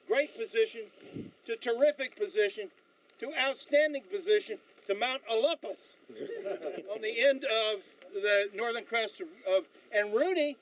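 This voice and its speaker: A man leading a battlefield tour outdoors, telling stories in an animated way with frequent fillers and restarts. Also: very high-pitched, slight background noise, low-quality recording. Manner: animated storyteller, halting with fillers. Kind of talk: outdoor guided tour talk.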